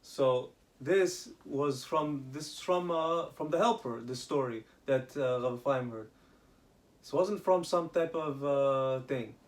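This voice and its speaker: A man with a mid-range voice slowly and casually tells a religious story. He acts out quoted dialogue and frequently restarts his sentences.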